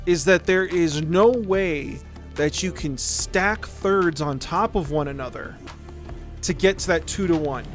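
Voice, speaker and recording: A man's voice: fairly high pitch, takes it slowly. A male streamer explaining music theory in a rambling, casual way while playing a game, often checking in with "right?". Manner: rambling, repeats words, says "right?" often.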